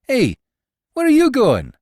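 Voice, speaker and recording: A man performs a big, brash Irish spaceman for a dry, close audiobook read. The brogue is folksy and swaggering, with lively swoops of pitch, and the cocky tough-guy bluster never lets up. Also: a little slow, dry recording. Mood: doubtful.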